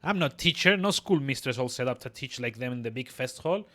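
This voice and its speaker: A man's voice: mid-range voice, expressive, a little fast, bright, forceful tone. A man voicing a sly, cackling old midwife from a game, in a teasing old-timey dialect. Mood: gruff. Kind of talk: reading game dialogue aloud.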